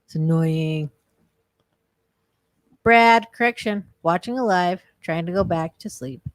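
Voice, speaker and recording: A woman's voice: on the low side, slow pace, dry recording, studio quality. A woman co-hosting a recovery livestream in casual chat, greeting viewers by name and talking around a sore tongue. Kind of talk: casual live-stream chat.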